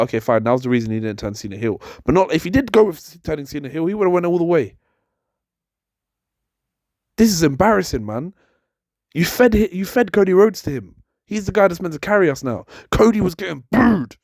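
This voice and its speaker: A man's voice: fairly high pitch, darkish tone, dry recording, studio quality. Exasperated man ranting. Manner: exasperated, emphatic, repeats his points. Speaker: wrestling commentator and channel host. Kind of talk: heated opinion rant.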